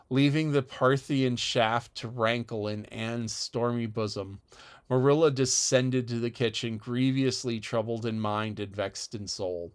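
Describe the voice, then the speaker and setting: Brief: male narrator, middle pitch, clear resonant voice, measured classic storytelling. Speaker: audiobook narrator. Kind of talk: scripted narration.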